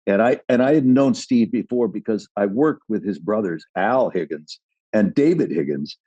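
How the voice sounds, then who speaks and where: A middle-aged man, a guest on a podcast, telling stories in an animated, halting way. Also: fairly low pitch, no room sound, dull audio. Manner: animated, halting storytelling with restarts. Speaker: guest, actor. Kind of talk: podcast conversation, storytelling.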